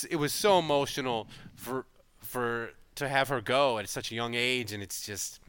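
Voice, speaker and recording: A man's voice: mid-range voice, moderate pace, a bit bright, clear, resonant tone. A man hosting a casual podcast, emotional and rambling, often restarting his sentences. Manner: emotional, rambling, self-interrupting. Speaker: podcast host.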